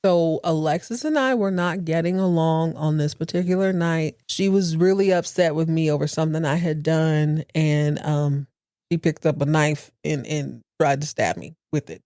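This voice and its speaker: A woman voicing an older man testifying reluctantly in court, dropping low and hesitant. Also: normal speed, warm tone, dry recording, clean studio sound.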